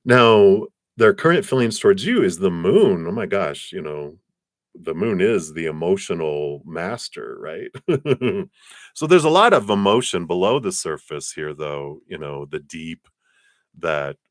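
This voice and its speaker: A man's voice: lively intonation, measured pace, dry recording, studio quality. A man doing tarot card readings on a live stream, talking in a loose, spiritual way with many fillers. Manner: acts out quoted voices with big pitch jumps.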